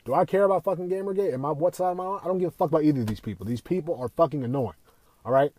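A man's voice: on the high side, racing, darkish tone, no echo. A young man ranting as a podcast host, swearing constantly, repeating himself and firing rhetorical questions. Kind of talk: profane opinion rant.

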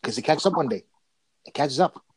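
A man talking casually about wrestling as a podcast co-host, telling stories in an animated, excitable way. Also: on the high side, brisk, breathy edge, dry recording, poor audio.

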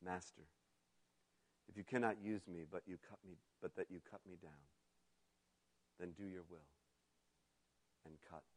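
A man voicing a devoted male bamboo plant in a sermon story, pleading in high cries and hushed whispers. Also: takes it slowly. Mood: hushed surrender.

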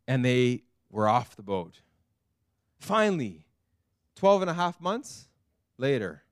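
A man preaching a sermon as pastor, earnest, dropping to a hush and rising to loud pleading. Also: on the high side, expressive, a little slow, pauses often, dry recording, clean studio sound. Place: church.

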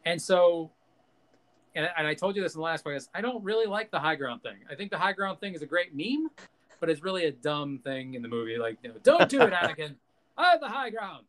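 Casting: male podcast host, somewhat high voice, casual profane rants. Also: animated, fairly quick, a bit bright. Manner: ranting, profane, jokey, acts out quotes.

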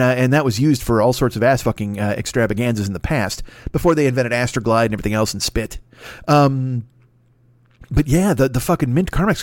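A man's voice: medium pitch, dry recording, clean studio sound. A man hosting a solo comedy podcast, rambling through profane, self-mocking riffs. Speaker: podcast host.

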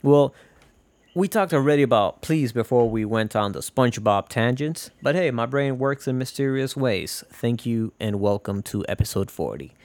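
Animated, rambling podcast host guy. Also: mid-range voice, moderate pace, no echo. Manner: rambling, profane, jokey. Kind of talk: casual solo podcast talk.

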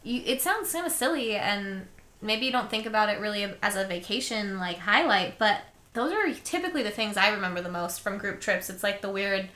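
A woman's voice: mid-range voice, expressive, a little fast, pushed and bright. A woman co-hosting a podcast, chatting casually and saying "like" constantly. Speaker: podcast co-host. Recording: echoey room, faint music.

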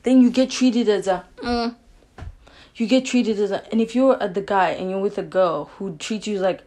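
A young woman hosts her own podcast and talks straight to her listeners about dating, firm and opinionated, often checking in with "you know what I'm saying". Her voice is mellow and warm rather than bright, and her chat is loose and animated. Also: mid-range voice, moderate pace. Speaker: podcast host. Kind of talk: casual relationship-advice monologue.

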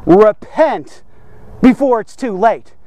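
A man's voice: very high-pitched, lively intonation, normal speed, dry recording. A man preaching a devotional sermon, emphatic and repetitive, often checking in with "okay?".

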